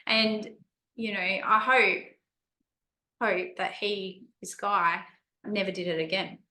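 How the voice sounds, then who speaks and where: A woman's voice: mid-range voice, steady tone, takes it slowly, bright, forceful tone. A woman hosting a podcast interview, responding supportively and reflecting on what the guest shares, with frequent restarts. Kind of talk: interview conversation. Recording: roomy echo.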